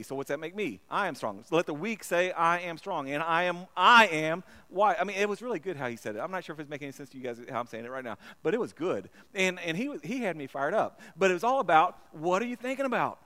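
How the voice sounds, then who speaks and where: A man's voice: a little high, lively intonation, quick pace, hardly any pauses, sharp tone. A man preaching a sermon in a church, earnest and repeating himself, often stumbling and restarting his words. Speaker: pastor.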